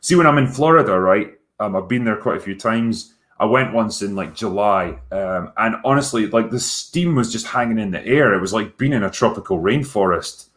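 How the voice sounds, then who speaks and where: A Scottish man hosting a casual livestream Q&A as a film critic, relaxed and rambling with frequent ums and casual swearing. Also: fairly low pitch, normal speed. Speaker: YouTube film critic and host.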